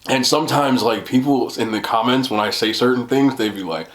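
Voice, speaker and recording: A young man with a mid-pitched voice talks casually while he eats, chatty and easy, with frequent laughs and jokes at his own expense. The sound is roomy, as if he is recording in a room at home. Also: sing-song, brisk, hardly any pauses. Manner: chatty and self-deprecating, laughs often, talks while eating. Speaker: mukbang vlogger. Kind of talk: casual eating vlog chat.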